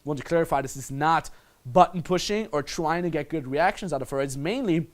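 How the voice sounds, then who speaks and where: A man with a slightly high voice gives a blunt instructional monologue as a dating coach. His delivery is casual and unpolished. He swears freely and speaks straight to the listener as a friend. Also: brisk.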